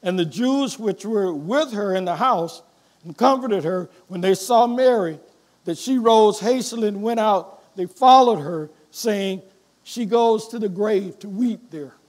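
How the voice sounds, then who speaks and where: A man preaching a sermon as pastor, reading scripture aloud and swinging between quiet reflection and loud emphasis. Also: high-pitched, measured pace.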